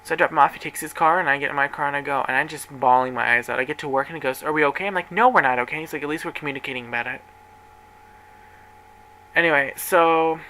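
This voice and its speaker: A man's voice: mid-range voice, pushed and bright, a little hiss or hum, rough recording. A man who manages a workplace, telling a personal story vlog-style. He rambles, gets emotional and acts out what everyone said. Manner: rambling, emotional retelling with acted-out quotes.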